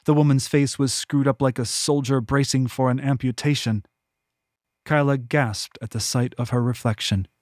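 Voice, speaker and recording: A man narrates his fantasy novel in a measured, even storytelling voice. His pitch sits in an ordinary middle range, and the recording is close and dry with no room sound. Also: no room sound. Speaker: audiobook narrator. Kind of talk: scripted narration.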